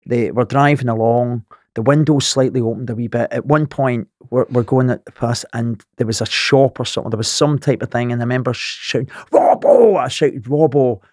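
A middle-aged Scottish man with a thick Glaswegian accent spins a wild story as a podcast guest. He talks in an animated way, swears often and laughs through it, in a mid-range voice with a dry, close sound. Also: medium pitch, brisk, no room sound. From Scotland.

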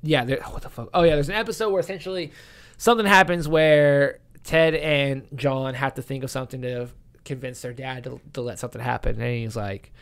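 A man's voice: medium pitch, fairly quick, creaky. A young man co-hosting a podcast, chatting casually and gushing with lots of swearing. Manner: excitable, profane, gushing. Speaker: podcast co-host. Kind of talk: casual chat.

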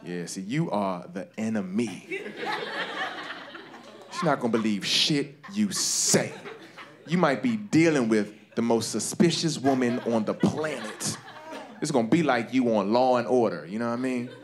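A man doing a stand-up comedy routine on stage, talking in an animated way and jumping into high-pitched voices to act out people. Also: unhurried, a crowd in the background. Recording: live show with audience laughter. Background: audience laughter.

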